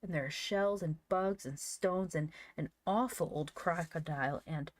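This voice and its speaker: A woman voicing an excitable, indignant young boy who shrills and cries out in a storybook reading. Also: low voice, measured pace, no room sound. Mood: pleading, eager.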